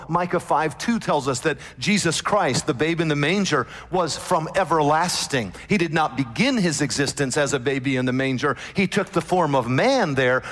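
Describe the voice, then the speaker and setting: A man preaching a sermon, emphatic, slowing down to stress scripture quotations. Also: fairly high pitch, fairly bright tone. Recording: long hall reverb.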